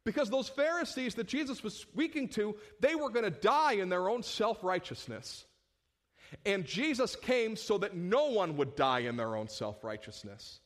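High-voiced preaching man. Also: normal speed. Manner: animated preaching, rhetorical questions, swings from loud to hushed. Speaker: pastor. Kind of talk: sermon.

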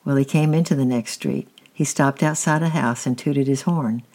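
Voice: mid-range voice, normal speed, darkish tone, lightly acted. A sullen young schoolboy from a storybook, muttering his answers close to the reader's plain voice, as the narrator voices him. He sounds evasive and a little defensive.

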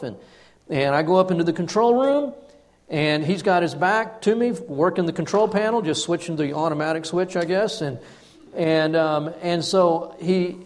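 A male pastor preaching a sermon, telling a personal story with animated delivery and hushed drops for emphasis. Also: high voice.

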